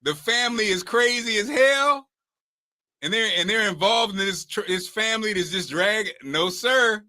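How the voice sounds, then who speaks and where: Bright, high-voiced man hosting a chat. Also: normal speed, dry recording. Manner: laughs through his points, animated storytelling. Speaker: podcast host. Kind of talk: casual chat.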